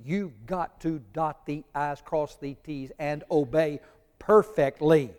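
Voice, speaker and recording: A man's voice: fairly high pitch, takes it slowly, a little mellow, clean tone. Emphatic male preacher in a reverberant hall. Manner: emphatic, repeats key points, addresses the congregation directly. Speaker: preacher teaching a Bible class. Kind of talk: sermon-style Bible lesson.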